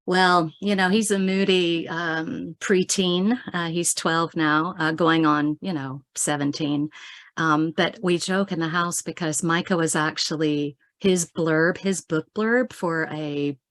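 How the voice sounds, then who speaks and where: A woman's voice: low voice, fairly even intonation, dry recording, studio quality. A woman poet in her forties, chatting with easy laughter during an online interview and reading her poems aloud. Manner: chatty, laughs often, reads slowly and softly. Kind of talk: casual interview and poetry reading.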